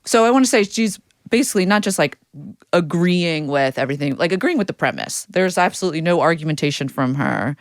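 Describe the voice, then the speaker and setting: A woman co-hosts a casual political podcast, talking with a sarcastic, profane edge. Her pitch swings widely and animatedly from line to line. The sound is dry and close, with no room around her. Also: animated, fast talker, no room sound. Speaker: podcast co-host.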